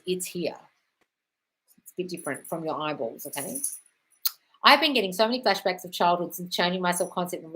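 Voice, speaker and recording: Over poor audio, a woman with a fairly low voice hosts a live stream, reading viewer questions aloud and answering them breezily. She's chatty and calls everyone darling.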